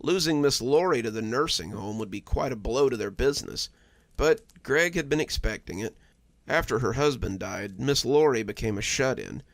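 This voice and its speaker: A man narrating a cozy horror story in a calm, measured storytelling voice. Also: mid-range voice, no echo.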